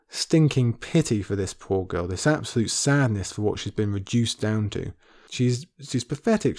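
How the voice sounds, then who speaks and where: A man's voice: mid-range voice, dark tone. A man hosting a podcast and discussing a book, earnest and impassioned, close to tears. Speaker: podcast host.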